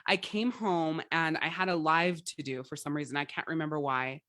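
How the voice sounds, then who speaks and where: A woman's voice: deep voice, steady tone, moderate pace, fairly bright tone, no room sound, studio quality. A woman life coach giving a motivational livestream talk, blunt and profane, rambling with frequent restarts.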